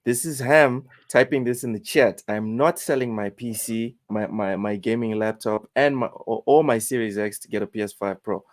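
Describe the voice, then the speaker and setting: A man in casual gaming podcast chat, with a somewhat low voice. He jokes around and stammers a little as he talks. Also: normal speed, few pauses. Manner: stammering, jokey. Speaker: podcast co-host.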